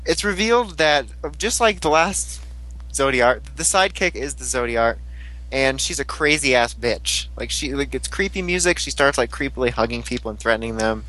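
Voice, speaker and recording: A man's voice: mid-range voice, normal speed, bright, forceful tone, poor audio. A young man recapping a TV episode in casual chat, rambling, giggly and crude, often mimicking the characters. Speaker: podcast host recapping an episode.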